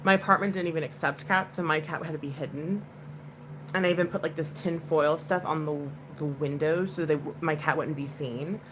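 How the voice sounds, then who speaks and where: A woman's voice: deep voice, steady tone, fairly quick, background noise. A woman hosting a casual livestream chat, talking to viewers in a chatty, comforting way with lots of "like" fillers.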